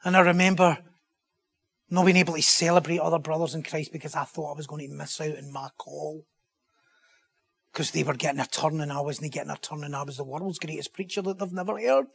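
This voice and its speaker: A man preaches a sermon in a voice pitched a little above the usual male range. He talks with rising passion and presses his listeners with loud, emphatic rhetorical questions. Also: gravelly, slightly rough.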